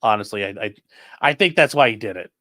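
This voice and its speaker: A man hosting a livestream, reading out viewer questions and answering them in a rambling, offhand way that often trails off quietly. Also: lowish voice, lively intonation, fast talker, no echo, clean studio sound. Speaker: livestream host reading chat. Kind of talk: casual live chat.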